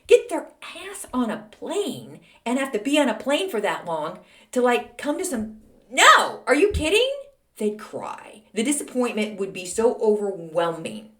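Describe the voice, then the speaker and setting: A middle-aged woman talks through a casual solo podcast with a chatty, self-deprecating manner. Her pitch swoops up and down as she tells her stories with animation. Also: fairly bright tone. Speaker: podcast host.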